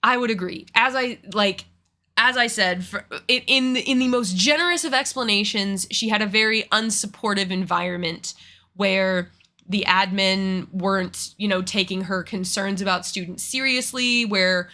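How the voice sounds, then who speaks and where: A woman's voice: mid-range voice, normal speed, sharp tone. A woman who works as a teacher, talking frankly and emphatically in a casual reaction chat, with many restarts.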